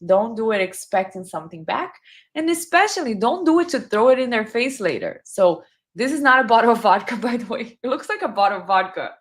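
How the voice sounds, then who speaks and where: A woman's voice: on the high side, big pitch swings, a little fast. Chatty woman streamer commenting. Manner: chatty, reads viewer comments aloud. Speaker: true crime commentary streamer. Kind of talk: casual live commentary.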